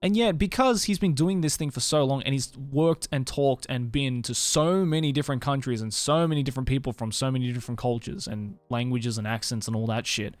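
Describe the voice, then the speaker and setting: A man's voice: mid-range voice, brisk, few pauses, dry recording. A man from Australia with an Australian accent, chatting casually with stream viewers, tired, rambling and swearing casually. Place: Tokyo.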